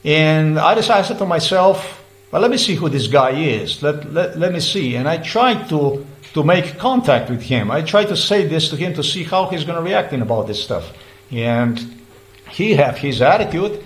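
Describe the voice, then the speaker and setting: A man's voice: fairly high pitch, big pitch swings, normal speed, rough recording. A man giving an agitated personal account, talking in repetitive restarts and swearing when heated. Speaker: vlogger recounting a roadside dispute.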